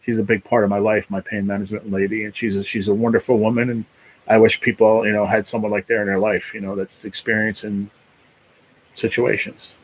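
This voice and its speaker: A man's voice: lowish voice, husky, rough recording. A man hosting a casual live stream, talking in a rambling, emotional way, full of "you know", and close to tears. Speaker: livestream host.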